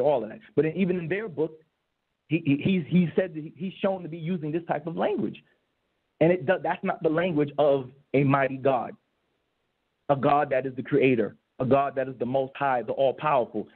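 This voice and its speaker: A man's voice: medium pitch, breathy edge. A man giving an emphatic debate rebuttal, repeating key phrases for stress. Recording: tinny phone-line audio.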